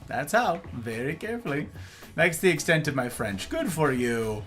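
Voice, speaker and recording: Playful man hosting a live chat stream, slightly high, very animated voice. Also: normal speed. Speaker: livestream host. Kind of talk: casual chat with viewers. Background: faint music.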